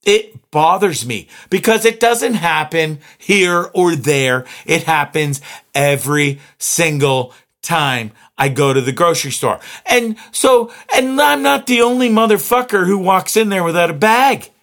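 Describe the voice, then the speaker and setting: A man's voice: on the high side, animated, measured pace, fairly bright tone. A man delivering a profane, exasperated rant to the camera, with mocking impressions of cashiers now and then. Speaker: vlogger.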